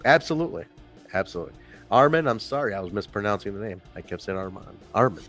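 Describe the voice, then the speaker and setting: A man's voice: fairly low pitch, animated, fast, a bit bright, faint music behind. A man co-hosting a casual wrestling review podcast, talking in a rambling, profane way and laughing often. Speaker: podcast co-host.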